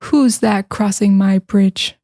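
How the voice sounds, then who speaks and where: A woman voicing a hungry troll under a bridge, asking slowly who is crossing. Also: medium pitch, steady tone, mellow, dry recording, studio quality. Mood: menacing. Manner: slow, drawn-out questioning.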